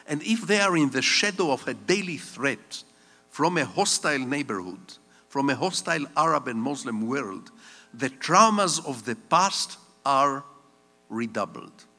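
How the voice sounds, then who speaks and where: An older man delivers a public lecture from the stage of a large hall. He wanders into anecdotes and dry jokes, and his medium-pitched voice carries a long reverb through the room. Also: lively intonation, unhurried, pushed and bright, soft background music. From Israel. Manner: digressive storyteller with wry humor. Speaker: guest lecturer.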